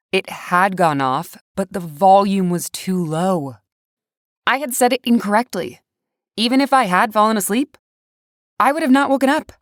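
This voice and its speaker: A young woman reading a first-person story aloud, swinging between rage and quiet despair. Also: medium pitch, dry recording, clean studio sound. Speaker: narrator. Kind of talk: first-person scripted narration. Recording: faint music bed.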